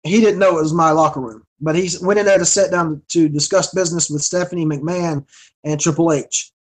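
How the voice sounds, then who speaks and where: A man's voice: on the high side, fairly even intonation, fairly quick, low-quality recording. A man in his forties from North Carolina, a wrestler guest telling a story in casual chat, stammering and repeating words. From North Carolina, USA. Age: 40s.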